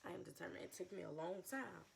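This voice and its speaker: A woman's voice: fairly low pitch, quick pace, gravelly, slight background noise. A woman in her twenties speaking in a raw, emotional confessional vlog, repeating phrases and sighing between thoughts. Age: 20s. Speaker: vlogger.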